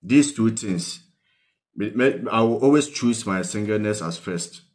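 A man's voice: lowish voice, animated, unhurried, darkish tone. A man with a Ghanaian accent hosting a call-in talk show, switching between Twi and English and prodding viewers with questions as he gives earnest advice. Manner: keeps prodding viewers with "What you say?", mixing Twi and English; earnest, pleading, advice-giving tone. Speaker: host.

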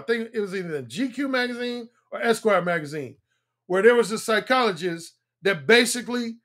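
This blunt dating coach, a man in his fifties, repeats himself as he talks on a livestream. The voice is a bit bright, shifting back and forth from high and throaty to deep and resonant.

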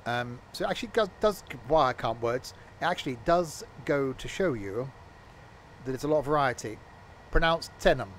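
A man's voice: mid-range voice, animated, normal speed, a little hiss or hum. Joking man streaming a game. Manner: rambling, jokey, mutters to himself. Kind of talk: casual gameplay commentary.

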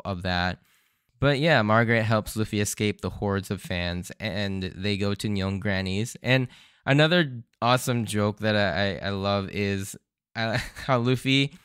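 A man's voice: lowish voice, fairly bright tone, clear, resonant tone, no room sound, studio quality. A man hosting a solo podcast, explaining scenes with enthusiasm and chuckling at the jokes he recounts. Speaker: podcast host.

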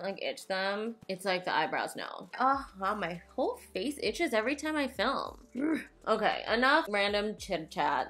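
A woman's voice: mid-range voice, a bit bright. A young woman talking casually through a makeup tutorial, rambling into self-mocking asides. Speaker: beauty vlogger.

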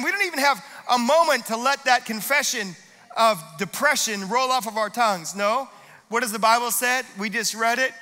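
A pastor preaching a sermon with energetic delivery that builds into shouted declarations, recorded in a church auditorium. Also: male voice, very high voice, long reverb tail.

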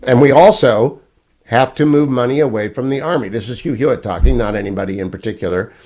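A man's voice: mid-range voice, fast talker, warm tone. An older man hosting a political talk radio show, lecturing emphatically and repeating his key points. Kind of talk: opinionated political monologue.

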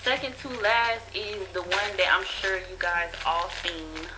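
A woman's voice: lowish voice, measured pace, noisy background. A young woman, chatting casually and bluntly, with plenty of profanity, while she reviews a haul of cheap jewelry. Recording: music playing behind the voice.

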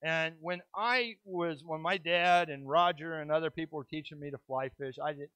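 A middle-aged male pastor delivers a sermon in a high, ringing voice, leaning hard on key words and drawing them out between pauses. He breaks the preaching with quick, self-mocking asides. The sound is close and dry, with no room echo. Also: fairly even intonation, pushed and bright, smooth. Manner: drops into quick asides and self-deprecating humor.

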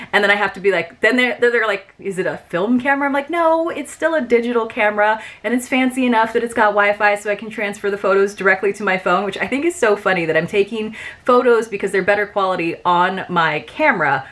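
A woman's voice: mid-range voice, a bit bright. Young woman vlogger, chatty unboxing review, giggles often, filler-heavy. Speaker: subscription box reviewer. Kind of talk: casual unboxing vlog.

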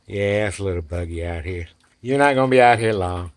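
A man's voice: deep voice, brisk, slight background noise. A man, chatting casually outdoors on a back porch and calling to puppies in a coaxing, sing-song voice. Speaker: dog breeder showing puppies. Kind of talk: casual chat to camera and puppies.

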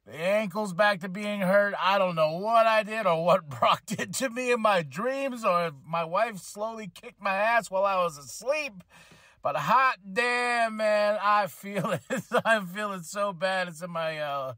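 A man hosting a casual wrestling podcast, telling animated stories with laughs and acted-out quotes. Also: high voice, moderate pace, hardly any pauses, no room sound, clean studio sound. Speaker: podcast host. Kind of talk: casual wrestling recap chat.

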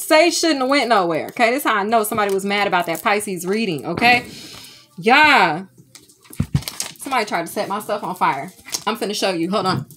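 A woman's voice: on the high side, a little hiss or hum. A woman, chatting animatedly as a spiritual medium in a home vlog, often checking in with the viewers. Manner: animated, chatty, keeps checking in with "okay?" and "y'all". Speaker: spiritual medium and tarot reader. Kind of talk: casual spiritual vlog chat. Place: home room with sage smoke.

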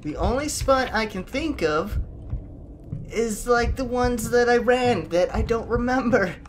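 A woman gives horror game commentary at an unhurried pace, her fairly high voice swinging widely in pitch. She grumbles, curses and talks under her breath. The recording has clear background noise and keyboard typing. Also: animated. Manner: frustrated, swearing, muttering to herself. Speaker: gaming video creator.

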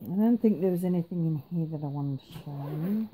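A woman's voice: deep voice, fairly quick, mellow, slight background noise. A tired woman vlogger in casual, rambling chat, joking at her own expense and yawning now and then. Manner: chatty, rambling, self-mocking.

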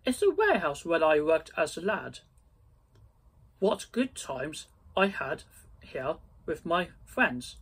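A man voicing a grumpy old male miser who cries out high and strained when upset. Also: sing-song, takes it slowly, a bit bright, breathy edge, full character voice. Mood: wistful.

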